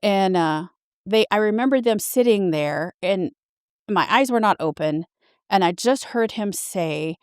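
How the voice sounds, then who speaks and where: A woman in her fifties recounts a personal experience in an earnest, halting way and keeps circling back to restart her sentences. Her voice sits at an ordinary middle pitch. It is recorded close and dry, with no room sound. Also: lively intonation, clear, resonant tone, no room sound. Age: 50s. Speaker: podcast guest sharing her story. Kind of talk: personal storytelling.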